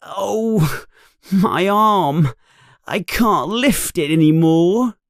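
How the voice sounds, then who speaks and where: Brief: sore teen schoolboy, man voicing, groaning, slow, storybook. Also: high voice, animated, no echo, clean studio sound, voice pushed up, full character voice. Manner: groaning, plain-spoken. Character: groaning teenage boy, sore and tired. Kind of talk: storybook reading.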